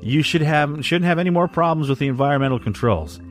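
A man's voice: on the high side, expressive, fast, faint music behind, pitched above the performer's own voice, close to an everyday voice. A man reading fan fiction aloud, voicing a sarcastic, threatening male alien intruder.

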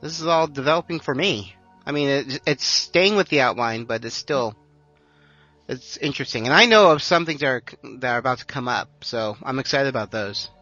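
A man's voice: mid-range voice, a little fast, sharp tone, soft background music. A man co-hosting a podcast, talking things through at length in casual chat and laughing easily. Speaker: podcast co-host. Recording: dry, slightly dull lo-fi sound.

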